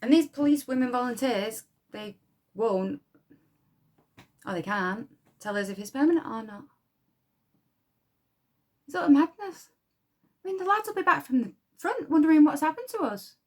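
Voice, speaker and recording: An actress playing a blunt, defiant young wartime munitions worker with a Yorkshire accent, who swears freely and talks with scorn. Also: female voice, sits high, expressive, normal speed, pauses often. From Yorkshire, England. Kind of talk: dramatic monologue.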